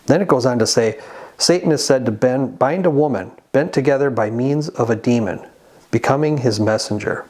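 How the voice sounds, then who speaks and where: A man preaches in a relaxed, conversational way, as if talking straight to the viewer. He stops often to read passages of scripture aloud, then explains them in plain words. His voice sits at an ordinary middle pitch. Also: moderate pace. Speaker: Christian channel host. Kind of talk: sermon-style monologue.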